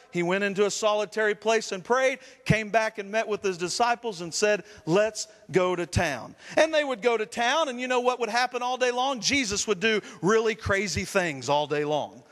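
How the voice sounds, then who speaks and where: A man's voice: high voice, a bit bright, big-room sound. A man, a Pentecostal pastor, preaching a fervent sermon with repeated refrains. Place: church sanctuary.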